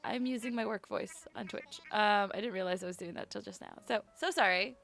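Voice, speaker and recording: A young woman streamer chatting casually and apologetically with her viewers from her bedroom at home, rambling from topic to topic in a brisk work voice. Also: medium pitch, creaky, fairly bright tone. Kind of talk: casual live-stream chat.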